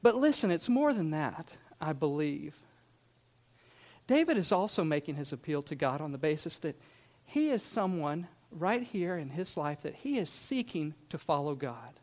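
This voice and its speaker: A man's voice: a little high, expressive, moderate pace, darkish tone. Earnest man preaching a sermon. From grew up in Scotland. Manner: earnest, emphatic preaching with rhetorical questions. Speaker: pastor.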